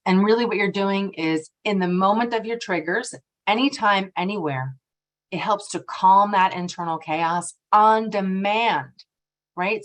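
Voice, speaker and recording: A middle-aged woman presenting a workshop on energy tapping, lively and expressive, often checking in with "right?". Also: mid-range voice. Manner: lively and expressive, acting out quoted voices; frequently ends points with a questioning "right?". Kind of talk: workshop talk.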